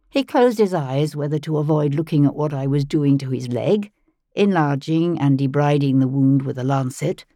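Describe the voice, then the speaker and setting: A woman narrating a first-person audiobook in a calm, measured storytelling manner, close to the mic. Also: low voice, no room sound.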